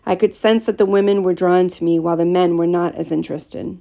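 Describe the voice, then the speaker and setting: A woman reads a first-person story aloud, steady and plain in her telling. Her voice sits low and is heavily gravelly, with a dark, mellow tone. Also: a little fast. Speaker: audiobook narrator.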